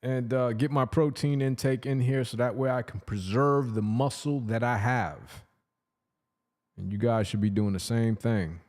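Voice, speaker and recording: A man in his fifties chatting casually on a livestream, playful and laughing often, sometimes dropping into a low put-on DJ voice. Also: a little slow, a little mellow. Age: 50s. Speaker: livestreaming artist.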